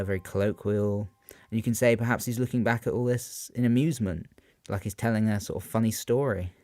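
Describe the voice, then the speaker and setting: Hesitant low-voiced young man. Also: a little mellow. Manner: hesitant, many ums and rhetorical questions. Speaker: student giving exam revision. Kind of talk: unscripted revision talk.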